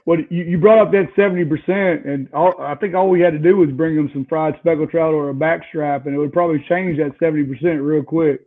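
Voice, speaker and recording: A man hosting a podcast, chiming in with quick jokes and brief agreement. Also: fairly high pitch, steady tone. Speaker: host. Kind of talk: casual chat. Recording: tinny phone-like line.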